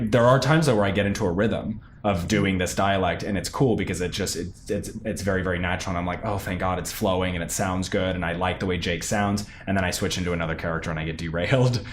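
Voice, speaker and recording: A man's voice: sits low, slight background noise. A young man, a stage actor, chatting in an interview about his role, talking animatedly with many fillers and restarts. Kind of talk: casual interview.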